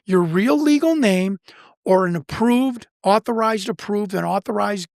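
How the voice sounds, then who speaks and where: A man from Chicago, a guest researcher, telling a story in an animated way, full of restarts and acted-out quotes. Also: sits high, unhurried, gravelly, dry recording, clean studio sound. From Chicago, United States.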